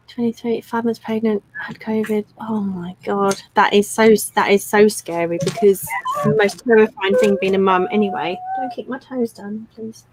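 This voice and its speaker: This is a medium-pitched woman in her thirties, rambling through casual chat and saying um a lot as she co-hosts a live stream from her home. The recording is rough, with a little background noise.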